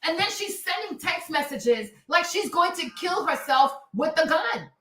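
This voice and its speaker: A high-voiced woman rants through a livestream commentary, swearing freely and hammering her points with repetition. Her voice rings around a hollow, echoey room. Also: animated, a little slow, pushed and bright, slight background noise. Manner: profane, emphatic, repeats herself for emphasis. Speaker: livestream host. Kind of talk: heated commentary rant.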